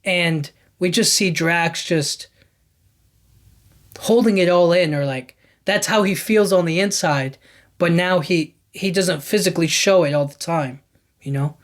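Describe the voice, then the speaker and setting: A man's voice: a little high, a little slow. Rambling man recapping a film. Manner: rambling, heavy use of "like" and "you know what I mean"; enthusiastic about scenes. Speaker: podcast host. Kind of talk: casual movie recap.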